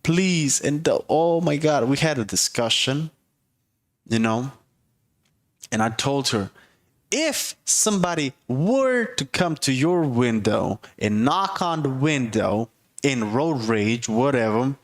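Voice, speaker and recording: A man's voice: mid-range voice, animated, takes it slowly. Blunt, profane man ranting advice. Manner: profane, blunt and emphatic, repeating "okay?" to drive points home. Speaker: host giving dating and relationship advice. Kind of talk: casual comedic rant.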